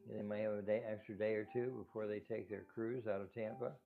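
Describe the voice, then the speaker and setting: An older man in his own home talks on at length, with restarts and little laughs, and his low voice whistles on the s sounds. The sound is thin and phone-like, and faint music plays behind him. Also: fairly even intonation, a little fast, vocal fry. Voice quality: whistling sibilants without his dentures. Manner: rambling, with restarts and soft laughs. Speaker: cat rescue owner. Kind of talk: casual talk to camera.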